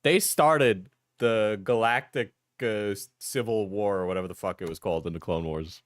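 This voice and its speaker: A man's voice: lowish voice, moderate pace, no echo. A man streaming a casual reaction video, joking, laughing and swearing as he comments.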